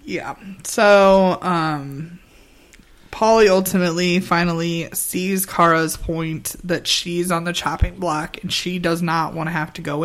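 A man co-hosting a podcast, recapping episodes in casual chat, animated, with frequent fillers and laughs. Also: high voice. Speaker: podcast co-host.

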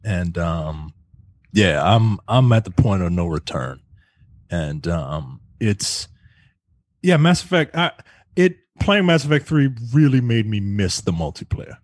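Husky, laid-back man with a lively voice. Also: lowish voice, a little slow, dry recording, studio quality. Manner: laid-back and profane, with lots of ums and stumbling repeats. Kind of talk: casual gaming chat.

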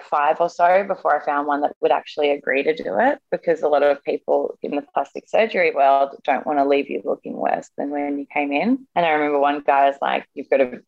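Low-voiced young woman telling a story. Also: creaky, dull audio. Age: young adult. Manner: animated storytelling, acts out quoted people. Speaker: guest. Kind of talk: casual chat.

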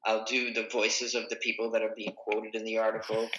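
A man's voice: fairly low pitch, monotone, fairly quick, sharp tone, reverberant, a little hiss or hum, low-quality recording. A man, a comedian and podcaster, talking casually in a rambling way with lots of fillers and restarts. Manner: rambling, self-correcting, many fillers. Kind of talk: casual conversation.

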